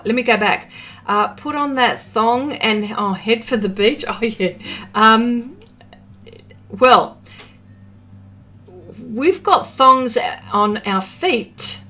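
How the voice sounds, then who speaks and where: Slow, chatty Australian woman. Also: a little high, fairly bright tone. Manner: chatty and slow, with many fillers and little laughs. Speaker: artist hosting a live stream. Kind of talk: casual chat reading out viewer comments.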